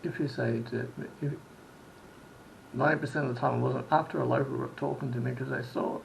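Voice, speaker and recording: A man's voice: medium pitch, fairly even intonation, fairly quick, creaky, slight background noise, rough recording. A man from Sydney telling a rambling travel story in a casual vlog, full of restarts and quoted exchanges. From Australia. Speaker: vlogger.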